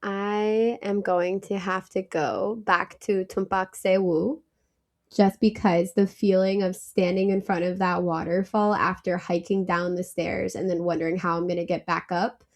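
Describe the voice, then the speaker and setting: A woman being interviewed as a travel company founder, chatty and animated, laughing easily as she tells stories. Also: on the low side, measured pace. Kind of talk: casual interview.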